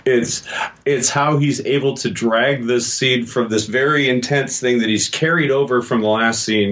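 A man's voice: mid-range voice, moderate pace, fairly bright tone, dull audio. A man co-hosting a podcast, talking casually and thoughtfully, searching for words. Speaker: podcast co-host.

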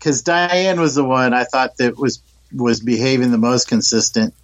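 Man, podcast co-host, relaxed casual chat, mid pitch, dull lo-fi recording. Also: moderate pace. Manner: relaxed, thinks aloud with fillers. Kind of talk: casual chat reviewing a sitcom episode. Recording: dull lo-fi sound.

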